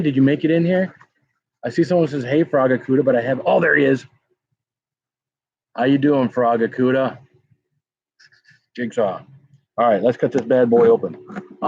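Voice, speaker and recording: Guy rambling on his livestream, husky voice, dry dull lo-fi sound. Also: medium pitch, darkish tone, no echo. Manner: rambling, greets chat viewers by name. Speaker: pepper-tasting livestream host. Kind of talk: casual live-stream chat.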